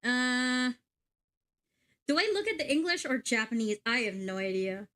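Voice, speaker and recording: Excitable high-voiced woman streamer. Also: normal speed. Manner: excitable and chatty, swears. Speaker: VTuber streamer. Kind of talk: casual game livestream chat.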